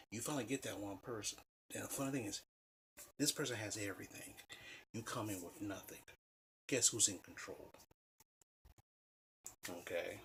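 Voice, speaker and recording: A man's voice: on the low side, fairly bright tone, slight background noise. A man telling a personal story in a casual, rambling way, full of "you know" fillers and blunt, profane asides. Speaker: vlogger.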